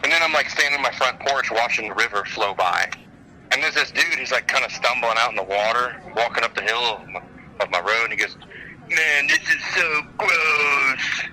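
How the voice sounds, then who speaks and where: Male co-host, punchy bright tone, animated storyteller, phoned in. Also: medium pitch, fast, a little hiss or hum, low-quality recording. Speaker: podcast co-host. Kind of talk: casual storytelling chat. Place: airport.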